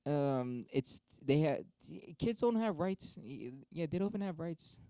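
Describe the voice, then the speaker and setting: A man's voice: fairly high pitch, lively intonation, a little slow, mellow, clear, resonant tone, dry recording. Man ranting live, angry and profane, repeats himself, dry close sound. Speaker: TikTok live streamer. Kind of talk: heated casual rant. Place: home.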